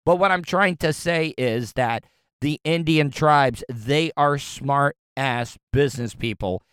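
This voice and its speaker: A man's voice: on the high side, slow, fairly bright tone, clean tone, no room sound, studio quality. A young man ranting casually with lots of profanity, often stumbling and repeating words as he reacts to news clips. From Florida, US.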